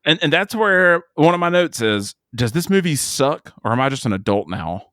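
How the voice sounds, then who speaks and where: A man co-hosting a casual movie review podcast, rambling and animated, breaking into mocking impressions. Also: fairly high pitch, normal speed, dry recording, studio quality. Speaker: podcast co-host.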